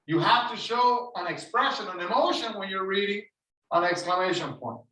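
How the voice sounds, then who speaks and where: High, bright-voiced man teaching English. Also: expressive, a little hiss or hum. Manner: explains slowly, repeats phrases. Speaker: ESL teacher. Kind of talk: online English lesson. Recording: roomy echo, voice heard from a distance.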